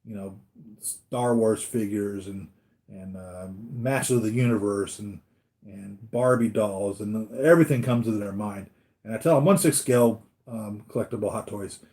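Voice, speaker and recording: A man's voice: on the low side, moderate pace, darkish tone. A man hosting a live stream about his collectibles, chatting casually and rambling, acting out the voices of people in his stories. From United States. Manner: rambling, acts out voices of others in anecdotes. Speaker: collectibles channel host.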